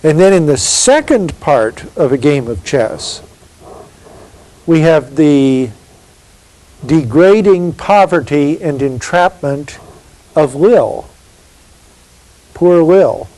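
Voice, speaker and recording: A man giving a university literature lecture, reading poetry aloud slowly and emphatically and posing rhetorical questions. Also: fairly high pitch, expressive, warm tone, poor audio.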